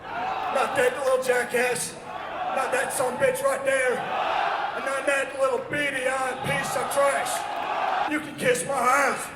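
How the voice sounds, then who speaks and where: A man doing an impression of a brash, cussing American male wrestler, shouting insults in a gruff voice during a promo. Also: very high voice, level tone, slow pace, heavy background noise, voice pushed up. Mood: taunting. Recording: echoey venue recording with loud crowd.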